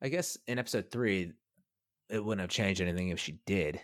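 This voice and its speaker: A man's voice: deep voice, a little fast, no room sound, studio quality. A man co-hosting a podcast, recapping a TV episode in a rambling, casual chat, swearing now and then. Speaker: podcast co-host.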